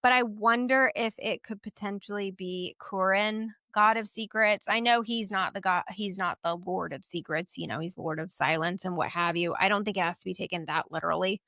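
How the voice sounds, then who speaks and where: A woman co-hosting a casual book podcast, animated, laughing easily and acting out lines. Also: medium pitch, a little fast, few pauses, dry recording, clean studio sound. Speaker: podcast co-host. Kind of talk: casual book-club chat.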